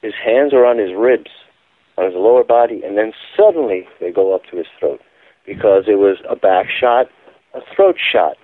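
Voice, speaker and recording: A man's voice: fairly low pitch, normal speed. A man giving a phone-in radio interview, telling his account in an emphatic, insistent way. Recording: tinny phone line, dry.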